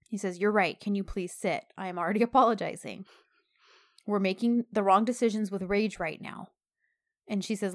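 A woman's voice: medium pitch, moderate pace. A woman casually recapping a drama episode with a co-host, acting out the characters' lines with rising emphasis. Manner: animated retelling, acts out the lines with rising emphasis. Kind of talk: casual chat.

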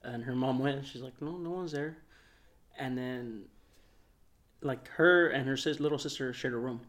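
A man of middling pitch telling a story on a podcast in a relaxed, rambling way. He speaks softly and fills his sentences with "like" as he goes. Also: moderate pace. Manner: rambling, soft-spoken, lots of "like". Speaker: podcast co-host. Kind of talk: casual storytelling.

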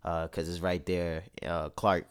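Over phone-like call audio, a male podcast co-host chats casually in a low, level voice that's clear and resonant. He talks a little slowly in a laid-back, reflective way, often trailing off and starting his thoughts over.

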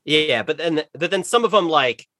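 A man talking as a podcast guest in a relaxed, rambling way, stacking up fillers and restarting his sentences. His voice sits a little high and sounds bright and forceful on a dry, close recording. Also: moderate pace, no echo. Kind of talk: casual podcast chat.

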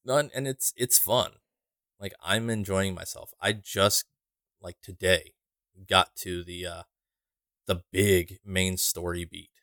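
A man's voice: sits low, fairly even intonation, slow, a bit bright, no echo, clean studio sound. A man co-hosting a podcast in casual chat, rambling and wry, swearing now and then. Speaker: podcast co-host.

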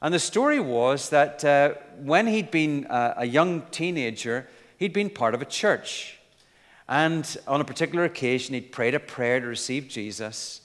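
A man's voice: medium pitch, lively intonation, normal speed, in a large hall. A man preaching a sermon in an earnest, emphatic way, with light asides.

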